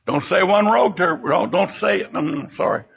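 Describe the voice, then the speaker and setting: Older male preacher, high husky voice, fervent sermon with swinging emphasis. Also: normal speed, a bit bright. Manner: fervent preaching, sudden rises and drops in pitch and volume. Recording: dull lo-fi recording.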